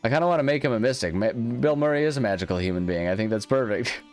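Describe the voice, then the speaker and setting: A man's voice: mid-range voice, fast talker, soft background music. A man hosting a let's-play, rambling and self-deprecating as he thinks aloud through his choices. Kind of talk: casual gameplay commentary.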